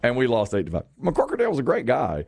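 Animated male sports talk host. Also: medium pitch, fast, vocal fry, no echo, studio quality. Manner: animated storyteller, acts out quotes, laughs often. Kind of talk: casual sports chat.

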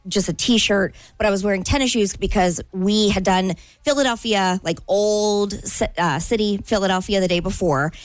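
Animated woman co-hosting morning radio. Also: mid-range voice, moderate pace, hardly any pauses, no room sound. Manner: animated storyteller, laughs often. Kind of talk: casual radio chat.

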